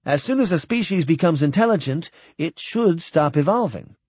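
Guy doing a chatty young lady scientist, bit higher, lively, dry audiobook sound. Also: moderate pace, breathy edge, no room sound. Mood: eager. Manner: earnest, chatty. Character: eager talkative young noblewoman scientist.

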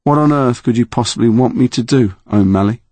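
Guy doing a chill bully kid, calm and curious, husky voice. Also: mid-range voice, a little fast, no room sound, pitched above the performer's own voice, natural voice. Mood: cool. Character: calm, cool schoolboy bully.

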